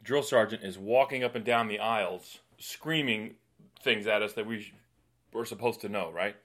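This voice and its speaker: A man with a bright, forceful voice telling a funny story on a podcast. He talks loosely and animatedly as a comedian co-host, slipping into acted-out voices as he goes. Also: lowish voice, moderate pace. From New York City. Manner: animated, acts out voices with laughs. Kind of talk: casual storytelling chat.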